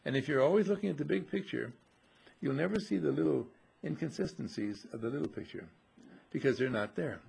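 Gravelly, husky-voiced male teacher. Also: mid-range voice, animated, a little mellow. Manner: slow, musing, repeats and corrects himself. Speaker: spiritual teacher. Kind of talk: metaphysical teaching talk to a group.

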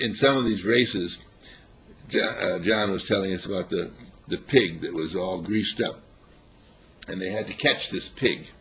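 A man giving an informal sermon on a spiritual path, telling stories with animated chuckles. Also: mid-range voice, breathy edge. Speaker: spiritual teacher.

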